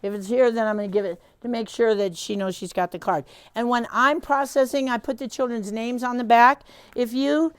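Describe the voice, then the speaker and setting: A woman's voice: on the high side, fairly even intonation, normal speed, clean tone, dry recording. Chatty woman training a camp team. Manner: warm, encouraging, chatty with frequent fillers. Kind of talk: instructional talk to a staff team.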